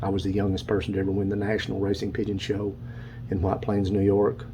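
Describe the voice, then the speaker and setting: A man's voice: fairly low pitch, monotone, fast talker, mellow, a little hiss or hum, rough recording. An older man, casually showing photos and books, rambling and stopping to recall names. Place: dark room at home.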